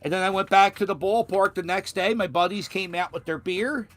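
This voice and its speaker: Man, Philadelphia accent, casual vlog storytelling, a bit high-pitched, rambling, restarts a lot. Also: a little fast, a bit bright. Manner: rambling, many restarts and fillers, swears casually. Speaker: vlogger.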